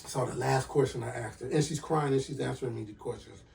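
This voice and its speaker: A man hosting a podcast, telling a personal story with lively acted-out dialogue and sound effects. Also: mid-range voice, fast talker, vocal fry, far from the mic. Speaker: podcast host.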